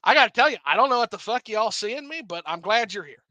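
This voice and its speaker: A drunk man in his thirties from the American Midwest hosts a casual livestream, rambling and swearing with frequent restarts. His voice sits high and bright, swinging widely in pitch. The sound is dry and close. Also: expressive, fast talker, no echo, lo-fi sound. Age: 30s. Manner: rambling, profane, with many restarts. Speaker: livestream host.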